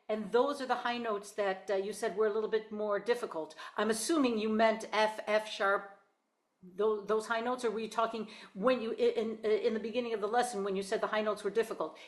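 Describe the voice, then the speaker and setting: A woman's voice: medium pitch, steady tone, a little fast. A woman teaching a one-on-one singing lesson, explaining exercises and demonstrating them in an encouraging way. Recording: echoey room with piano.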